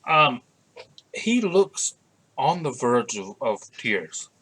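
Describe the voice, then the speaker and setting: A man's voice: mid-range voice, big pitch swings, slow, background noise. A man narrating as game master of a tabletop game, rambling and hesitant, with many fillers.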